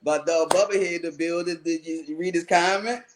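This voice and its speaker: A man's voice: on the high side, steady tone, a little fast, background noise. A man hosting a casual livestream show, greeting viewers by name in loose slangy banter.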